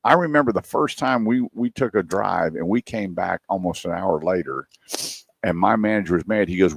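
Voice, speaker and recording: A man's voice: low voice, moderate pace, vocal fry, breathy edge, dry recording. A man hosting a radio talk show, telling folksy stories about car buying and acting out the phone calls. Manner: folksy storyteller who acts out phone calls. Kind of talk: casual radio talk with storytelling.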